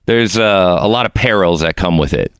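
A man in his forties from Mexico hosts a podcast interview, talking in a loose, rambling way full of restarts. His voice sits on the low side, and the mic sound is dry and close, with no room in it. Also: moderate pace, clean tone, dry recording. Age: 40s. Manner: chatty, rambling, frequent restarts. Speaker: podcast host. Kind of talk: casual interview chat.

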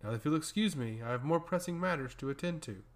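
Man reading an arrogant old high priest, dismissive and condescending, varied pitch. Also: animated, fast, close to an everyday voice. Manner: dismissive, patronizing. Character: cold arrogant older male high priest.

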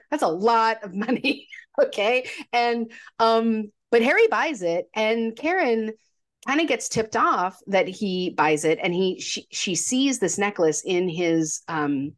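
A woman co-hosting a podcast, retelling movie scenes in casual chat and acting out the characters' lines. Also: a little high. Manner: animated storyteller, acts out quotes. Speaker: podcast co-host.

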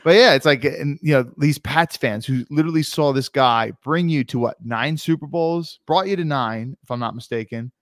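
A man's voice: medium pitch, moderate pace, hardly any pauses, dry recording. Argumentative sports podcast man, dry sound. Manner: argumentative, explains at length. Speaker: podcast co-host. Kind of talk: casual sports chat.

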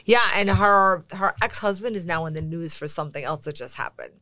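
A woman's voice: on the low side, fairly quick, sharp tone, dry recording. A middle-aged woman from Brooklyn with a Brooklyn accent, hosting a casual podcast chat and telling stories with emphatic repeats. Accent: Brooklyn New York. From Brooklyn, New York. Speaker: podcast host.

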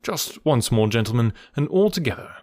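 Brief: man voicing a poised, witty detective, mid-pitched, dry close recording. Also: big pitch swings, darkish tone, no echo, close to an everyday voice. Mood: composed. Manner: measured, dryly amused, composed. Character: calm, theatrical, clever detective man.

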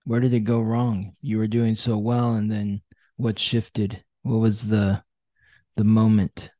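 A man hosting a podcast, chatting casually and asking gentle, attentive questions. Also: lowish voice, little pitch movement, takes it slowly, dry recording. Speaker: podcast host and astrologer. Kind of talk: casual chat.

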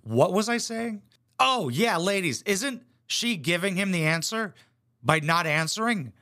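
A young man with a high, bright voice runs a comedic reaction commentary. He is crude and sarcastic and swears freely. His tone stays sharp and lifted. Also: lively intonation, a little slow.

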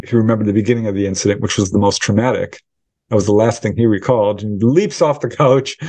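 A man's voice: fairly low pitch, no echo. Man telling a story with quoted voices. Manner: animated storyteller acting out quoted dialogue. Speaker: UFO researcher and author, guest. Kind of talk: storytelling interview answers.

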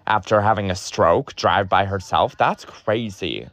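Young male podcast host from Ohio, low-pitched and dry-sounding, blunt and profane, exasperated, quick sardonic asides. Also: a bit bright, no room sound. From Ohio, USA. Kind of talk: candid solo podcast monologue.

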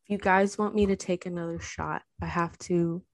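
A woman's voice: fairly low pitch, fairly even intonation, normal speed, no echo. A young woman streaming, chatting casually and telling a story, swearing and laughing often. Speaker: livestreamer telling stories to chat.

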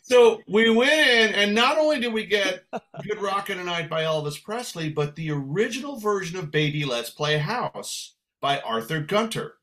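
A man's voice: sits high, moderate pace. An older man from San Francisco, a guest musician, telling a long anecdote in conversation and acting out the voices in it. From San Francisco, USA. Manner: animated anecdote telling with acted dialogue. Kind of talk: storytelling in conversation.

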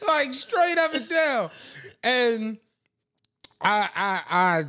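A man's voice: extremely high pitch, extremely slow. Laughing man telling a wild story. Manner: laughing, animated storytelling with voiced quotes. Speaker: podcast co-host. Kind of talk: casual storytelling chat.

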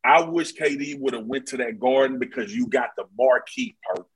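Husky-voiced man in animated sports talk. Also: mid-range voice, moderate pace, poor audio. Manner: animated, slangy, emphatic. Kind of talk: casual sports chat.

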